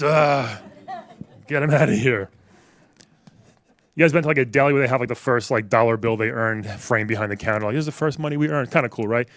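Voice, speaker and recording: A man's voice: medium pitch, a bit bright. A man in his forties from New York doing a stand-up set, wry and conversational, riffing with the crowd. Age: 40s. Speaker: stand-up comedian. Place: comedy club stage with a live audience.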